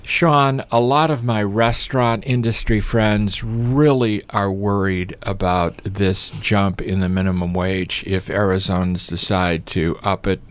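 Low-voiced man hosting a radio talk show. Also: fairly even intonation, unhurried, hardly any pauses. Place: radio studio.

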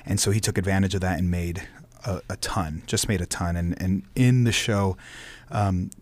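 Low-voiced actor chatting loosely. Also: male voice, steady tone, normal speed, no echo. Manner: rambling, many fillers and restarts. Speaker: stage actor. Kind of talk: casual interview chat.

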